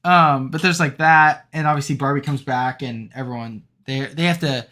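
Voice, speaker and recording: A young man with a bright, forceful voice, chatting about a film on a podcast. He rambles, fills gaps with "um" and "like," and laughs as he retells the jokes. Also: mid-range voice, moderate pace. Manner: rambling, many fillers, laughs while recounting jokes. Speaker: podcast co-host. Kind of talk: casual movie review chat.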